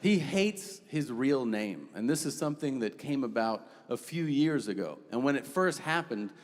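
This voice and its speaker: A male comedian on a stage mic, spinning a story in a loose, rambling way with deadpan asides. His pitch moves around a lot, and the room rings with long reverb over steady ambient noise. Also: moderate pace. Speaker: stand-up comedian. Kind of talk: stand-up storytelling. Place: on stage at a live venue. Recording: reverberant venue with noisy ambience.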